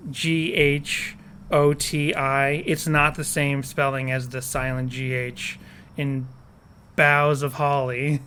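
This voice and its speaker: A man's voice: medium pitch, level tone, slow pace, bright, forceful tone, a little hiss or hum. A man co-hosting a casual podcast, rambling, joking and correcting himself as he talks on a porch. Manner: rambling, self-correcting, jokey. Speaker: podcast co-host.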